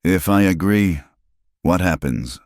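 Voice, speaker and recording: A man voicing an earnest young woman, a jilted schoolteacher, lifting his deep voice slightly. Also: animated, slow, no room sound, clean studio sound.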